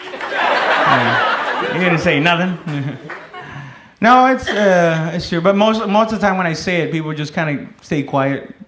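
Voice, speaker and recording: A man's voice: fairly high pitch, expressive, measured pace. A man doing stand-up comedy on a club stage, telling self-deprecating, profane stories in a loose, conversational way. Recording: roomy club with noisy audience.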